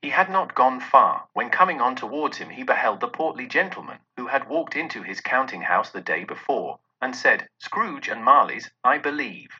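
A man narrating a classic story in a lively, expressive way. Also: medium pitch, normal speed, hardly any pauses, breathy edge, lo-fi sound.

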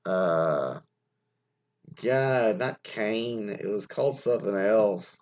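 A man's voice: lowish voice, lively intonation, slow, darkish tone. A man hosting a radio show, rambling offhandedly through an article and sometimes swearing. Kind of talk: casual commentary on an article. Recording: dull lo-fi recording.

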